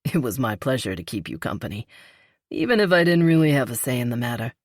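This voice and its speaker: A woman narrator voicing a veteran male firefighter in a romance audiobook, friendly and low-key. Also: lively intonation, fast, no room sound, studio quality. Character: man, veteran firefighter, easygoing and earnest. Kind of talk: audiobook character reading.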